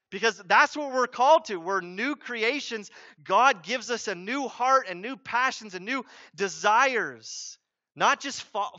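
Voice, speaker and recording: A man's voice: sits high, sharp tone, no echo, lo-fi sound. A man preaching a sermon as pastor, conversational and emphatic, acting out what people say.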